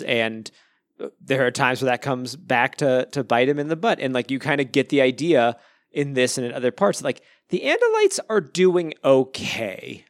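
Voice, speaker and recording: A man's voice: a little high, lively intonation, measured pace, dry recording, clean studio sound. A man co-hosting a casual book podcast, rambling and full of fillers. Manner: rambling, lots of "like" and restarts, laughs now and then. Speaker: podcast co-host discussing a book. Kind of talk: casual chat.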